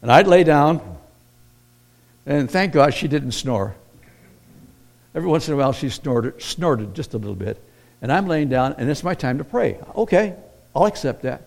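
Male pastor mid-sermon: a lively, high-ish voice that drops to a near hush and climbs to forceful emphasis. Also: moderate pace, creaky, pauses often. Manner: swings from hushed storytelling to loud emphatic preaching.

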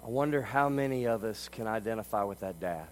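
A man preaching a sermon as a pastor. He delivers it emphatically, swinging between quiet stretches and loud ones. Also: on the low side, animated, fairly quick, a little hiss or hum, low-quality recording.

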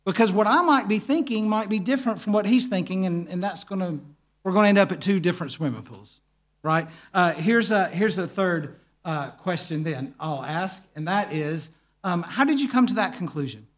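High-voiced man teaching a church group. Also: moderate pace. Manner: animated storyteller, asks the listeners questions. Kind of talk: conversational teaching talk.

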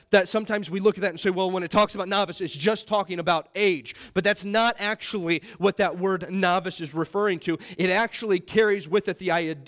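A young man preaching a sermon as pastor, earnest and emphatic, often checking in with the congregation with "all right?" and "okay?", his voice rising when he mimics others and dropping low for prayers. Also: fairly bright tone. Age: young adult.

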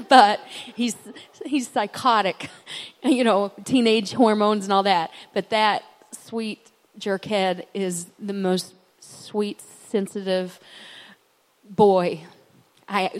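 A woman speaking from a church stage, joking and laughing as she tells a family story. Her voice is in the middle range for a woman. A long reverb follows her words around a large hall. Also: mid-range voice. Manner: joking, laughing, warm asides. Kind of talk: sermon storytelling.

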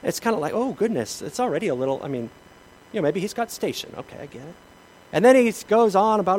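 A man's voice: a little high, fast, slight background noise, rough recording. A middle-aged man preaching a sermon as pastor, telling the story with humor and acting out the people in it. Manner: animated storytelling with acted-out voices and humor.

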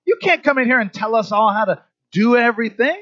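Scornful religious teachers fire off sneering, incredulous questions, as a preacher plays them. The voice jumps high and shrill. The recording is dry and a little muffled. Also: male voice, lively intonation, fast talker, bright, forceful tone, no room sound, full character voice. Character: scornful male religious teachers, mocking and indignant.

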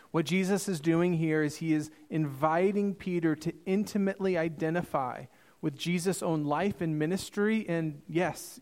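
A man preaching a sermon as pastor, earnest and emphatic, slowing down for quoted scripture. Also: fairly high pitch, darkish tone.

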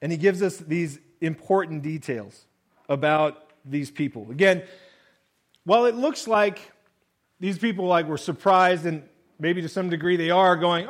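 A man with a high-pitched voice delivers a sermon. He reads scripture and then talks it through in a casual, conversational way, sometimes acting out what people might say. He lets his voice sink low and soft on the lines that matter most. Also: animated, unhurried, poor audio. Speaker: pastor.

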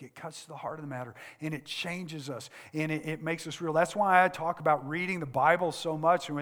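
A man preaching a sermon as pastor, earnest and repeating phrases for emphasis, sometimes dropping to a soft, intimate tone. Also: fairly high pitch. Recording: long reverb of a large hall.

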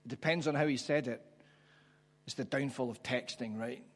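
A man preaching a sermon, reflective and conversational, pausing for emphasis. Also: medium pitch. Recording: church hall with long reverb.

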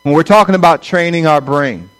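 A man's voice: a little high, brisk, fairly bright tone, smooth, rough recording. A middle-aged man, a pastor, preaching a conversational sermon and acting out quoted voices.

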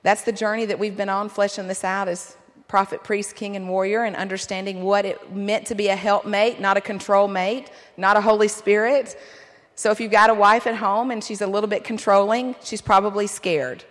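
A middle-aged woman giving a sermon-style talk to a men's conference, earnest and encouraging, with lively asides. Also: mid-range voice, normal speed. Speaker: pastor's wife speaking at a men's conference. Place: large hall. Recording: long hall reverb.

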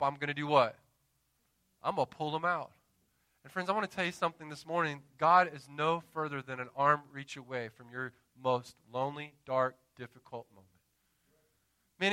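Pastor, man, 30s; passionate sermon delivery with call-and-response asides, tense, sharp tone, close and dry. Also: on the high side, clear, resonant tone, no echo. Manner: impassioned preaching with dramatic pauses and call-and-response asides. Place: church.

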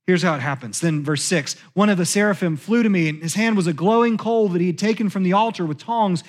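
A man preaching a sermon as pastor in a church, talking conversationally and sinking to hushed tones for confessions. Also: high-pitched, quick pace, hardly any pauses. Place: church sanctuary.

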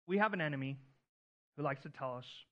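A man preaching a sermon as pastor, earnest, lifting his voice on key lines and dropping it soft on others. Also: fairly high pitch, expressive, brisk, lo-fi sound.

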